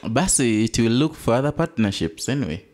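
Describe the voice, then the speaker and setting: A man's voice: mid-range voice, lively intonation, a little fast, darkish tone. A man hosting a political talk show, chatty and laughing easily, switching between Swahili and English. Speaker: radio talk host.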